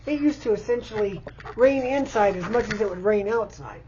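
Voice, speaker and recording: A man's voice: high-pitched, moderate pace, dull audio, background noise. A man in his fifties from Indiana, stammering and repeating words as he pleads for help indoors in a cluttered house. He sounds distressed and overwhelmed. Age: 50s. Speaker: vlogger asking for help. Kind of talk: unscripted personal appeal.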